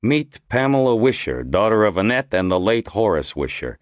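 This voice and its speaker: A man's voice: lowish voice, very animated, moderate pace, no echo, studio quality, pitched above the performer's own voice. A man doing an irritable police lieutenant. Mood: blunt, impatient. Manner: blunt, impatient. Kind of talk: audiobook character voice.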